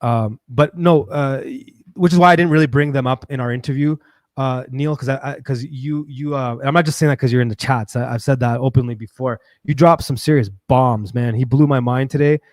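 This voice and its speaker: A man hosting his own livestream, talking in a rambling, animated way, full of fillers and restarts. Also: medium pitch, brisk, no echo, clean studio sound. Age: adult with a daughter. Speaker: livestream host. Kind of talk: casual livestream monologue.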